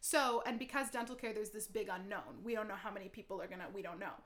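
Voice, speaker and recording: Chatty bright woman co-host. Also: medium pitch, fast talker. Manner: chatty, animated, lots of "like". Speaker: podcast co-host. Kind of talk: casual political chat.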